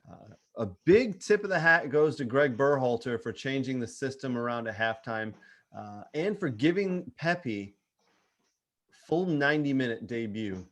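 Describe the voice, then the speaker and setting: A man's voice: medium pitch, animated, unhurried, fairly bright tone. Man, co-host, casual soccer chat, upbeat, mid-range voice. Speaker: co-host of a soccer talk show.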